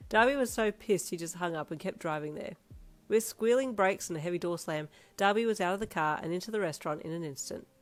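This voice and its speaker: A woman narrating a second-person fanfiction audio story in an even storytelling manner. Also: fairly low pitch, quick pace. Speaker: fanfiction reader.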